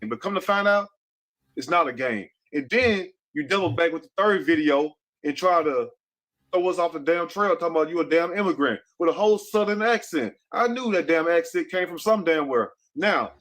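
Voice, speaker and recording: A man hosting a commentary show who lectures his viewers with emphatic, preachy talk. His voice sits fairly high for a man. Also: expressive, moderate pace, fairly bright tone. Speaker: host. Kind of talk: casual commentary.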